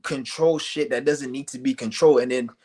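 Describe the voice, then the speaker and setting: A man's voice: medium pitch, fairly even intonation, fairly quick, a little mellow. Profane ranting man on a stream. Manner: profane, heated, repetitive rhetorical questions; insulting, blunt. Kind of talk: angry vlog rant.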